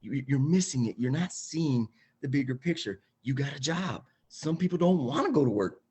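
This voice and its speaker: A man giving an energetic, emphatic motivational talk as a guest, repeating phrases for effect. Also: medium pitch, moderate pace, slightly rough. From Mexican heritage.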